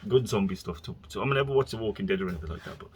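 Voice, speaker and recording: A man's voice: fairly low pitch, lively intonation, racing, noisy background. A man hosting his own podcast, rambling casually from topic to topic and slipping into exasperated rants. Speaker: podcast host.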